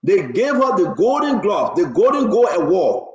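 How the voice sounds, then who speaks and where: A man hosting a political talk show, excitable and mocking, laughing often and repeating his words. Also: sits high, moderate pace. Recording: roomy, dull lo-fi sound.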